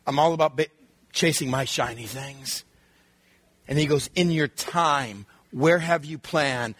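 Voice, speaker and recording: A middle-aged male pastor giving a sermon, telling lively family stories and acting out his children's voices. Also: a little high, a little slow, slightly rough, no echo. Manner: animated storytelling, acts out his kids' voices.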